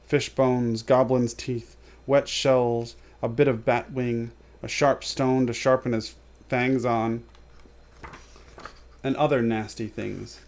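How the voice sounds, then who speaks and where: A man reading a storybook aloud as a storyteller, steady and measured, with offhand asides. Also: medium pitch.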